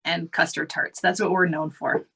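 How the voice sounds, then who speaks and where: A woman's voice: fairly low pitch, level tone, normal speed, gravelly, fairly bright tone, slightly rough. A woman hosting a podcast chat, asking curious questions and making playful guesses. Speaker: host. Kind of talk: casual chat.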